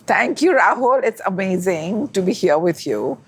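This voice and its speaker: Animated husky woman critic. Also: moderate pace. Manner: animated and emphatic, pitch leaps up when excited. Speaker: food critic and author, guest. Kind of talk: conversational interview.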